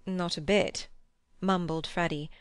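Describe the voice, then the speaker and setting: A woman's voice: lowish voice, steady tone, a little slow, clean tone, close to an everyday voice. A woman reading as an awkward mumbling young man. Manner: hesitant, mumbling.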